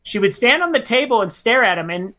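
Animated man telling a neighbor story. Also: very high-pitched, fast. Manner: animated, laughs while telling stories, acts out quotes. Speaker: radio show co-host. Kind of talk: casual storytelling chat.

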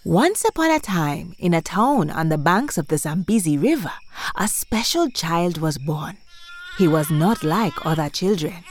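Woman storyteller, children's tale, animated and lively pitch, music behind. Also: unhurried. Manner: animated, expressive. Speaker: storyteller host.

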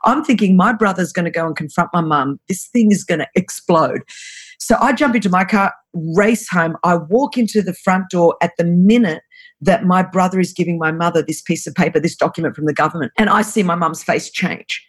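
A woman in her forties with an Australian accent, a guest telling a personal story with lively energy and frequent laughs. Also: fairly low pitch, fairly quick, slightly rough. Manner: lively, animated storyteller who laughs often. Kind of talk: storytelling in an interview.

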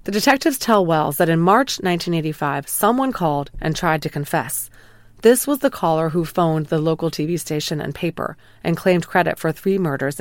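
A woman with a low-pitched voice narrates a true crime case in a calm, measured way. The recording is dry and close, with no room sound around her. She reads it as a prepared script and quotes the people involved without acting them out. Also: no room sound. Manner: calm, measured retelling of an interrogation, quoting lines plainly. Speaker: true crime podcast host.

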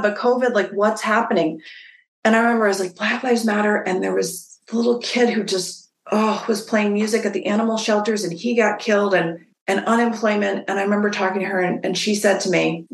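A woman business owner telling stories in a casual interview, lively and acting out quoted dialogue. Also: mid-range voice, reverberant. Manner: animated, acts out quoted dialogue.

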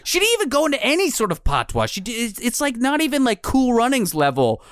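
Smooth-voiced male podcast host. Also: very high voice, huge pitch swings, fast, no room sound, clean studio sound. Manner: earnest, chatty, laughs often. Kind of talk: casual podcast chat.

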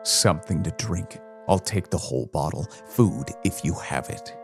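A weary, secretive vagabond with a low, tired voice, as a man plays him. He speaks in curt lines, pitched well below the man's own voice, with faint music in the background. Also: normal speed, creaky. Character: weary, hostile male vagabond, cloaked and secretive.

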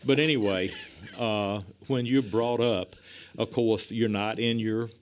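A middle-aged man telling stories in a casual chat, animated and chuckling, acting out the lines he quotes. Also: lowish voice, takes it slowly, slight background noise.

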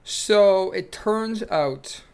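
A man hosting a casual podcast and posing the questions, playful and laughing as he pitches ideas. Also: very slow, gravelly, a little mellow, smooth. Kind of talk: casual banter.

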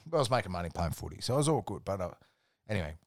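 An Australian man with a fairly low voice tells rambling work stories as a podcast guest. His talk is relaxed and full of swearing. The sound is dry and close, with no room to it. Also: racing, no echo. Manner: laid-back, sweary, rambling anecdotes. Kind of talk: casual storytelling chat.

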